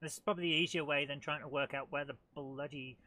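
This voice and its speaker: A middle-aged man hosts a live let's-play for his retro gaming channel, chatting, joking at his own expense, and talking to the game. His voice is a little high and sharp, with fairly even intonation and a fast pace.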